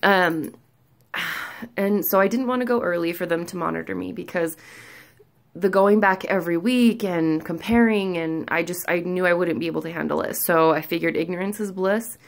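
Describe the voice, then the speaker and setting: Breathless, gravelly-voiced woman vlogger. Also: fairly low pitch, moderate pace. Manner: rambling, candid, filler-heavy. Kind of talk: candid personal update vlog. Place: at home, sitting.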